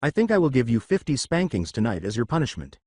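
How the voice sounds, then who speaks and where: A man's voice: medium pitch, very animated, quick pace, a little mellow, breathy edge, no room sound, clean studio sound. A man voicing a cocky young male ninja hero who talks in a boastful, playful way.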